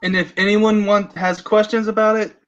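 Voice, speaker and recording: High-voiced man on lo-fi podcast audio. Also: little pitch movement, fairly bright tone. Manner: playful teasing, halting and repetitive. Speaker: podcast host. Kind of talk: casual podcast chat. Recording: dull lo-fi audio.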